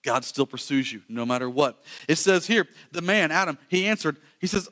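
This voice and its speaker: Guy preaching a sermon, kinda high voice, talks fast and animated, gets loud then real quiet. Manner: fast, animated, wide swings from loud to hushed. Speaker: pastor.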